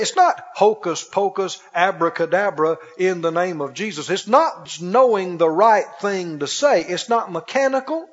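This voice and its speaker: A man preaching a sermon as pastor, often asking the congregation questions such as whether they are with him. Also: high voice. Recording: dull recording with long hall reverb.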